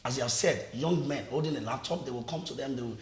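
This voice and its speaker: A man's voice: mid-range voice, fast. A man with a Nigerian accent, a TV panel guest who speaks emphatically, repeats phrases and often restarts his sentences. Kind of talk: TV panel discussion. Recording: echoey studio.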